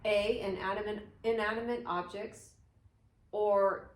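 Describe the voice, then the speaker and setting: A woman co-hosting a casual chat, playful and quick to laugh. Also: mid-range voice, fairly even intonation, echoey room, recorded from a distance, slight background noise. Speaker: podcast co-host.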